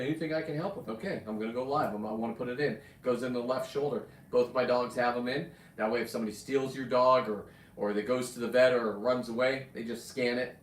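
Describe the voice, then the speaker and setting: Brief: casual male streamer, rambling chat, roomy room, mic some distance off. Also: medium pitch. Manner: casual, chatty, rambling, with restarts and cussing asides. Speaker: livestream host, spearfisher and taxidermist.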